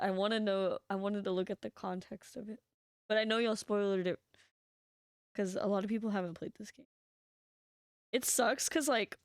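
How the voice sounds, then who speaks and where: A woman's voice: mid-range voice, smooth, no room sound, clean studio sound. A woman streaming a video game, chatting casually and rambling with lots of giggles. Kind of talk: casual chat while playing a video game. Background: game music.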